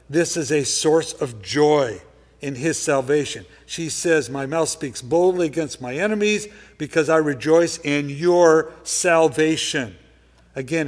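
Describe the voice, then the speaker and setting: A male pastor preaching a sermon. He talks conversationally, checks in with "okay?", and swings from loud emphasis to quiet asides. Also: a little high. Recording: reverberant hall.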